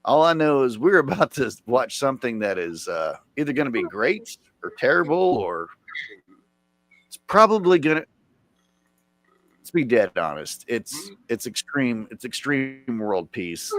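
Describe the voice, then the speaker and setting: A man chatting casually on a live stream, rambling and swearing with sudden loud outbursts. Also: medium pitch, very animated, unhurried, no room sound.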